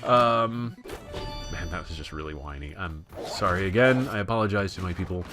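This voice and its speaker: A man's voice: deep voice, fast talker, over music. A young American man giving rambling, self-deprecating gameplay commentary. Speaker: let's play gamer.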